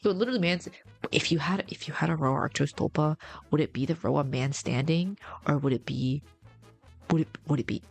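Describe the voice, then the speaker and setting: A young woman VTuber chatting casually on a live stream, rambling and teasing, with low-quality mic sound. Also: fairly quick, vocal fry, soft background music. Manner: rambling, repeats herself, teasing. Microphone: game chat headset mic, low sound quality.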